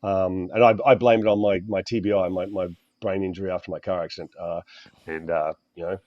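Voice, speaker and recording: A middle-aged Australian man with a fairly low voice, rambling through a casual podcast chat. He stops and starts often and swears freely. The sound is dull and lo-fi, with no room echo. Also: fairly even intonation, fairly quick. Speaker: guest author. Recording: dull, dry lo-fi audio.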